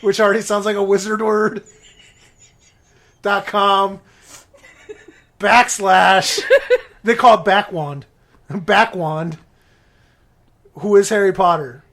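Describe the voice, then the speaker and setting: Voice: medium pitch, fairly even intonation, takes it slowly, pauses often, a bit bright. A podcast host retelling a book scene for laughs, rambling, swearing and laughing often.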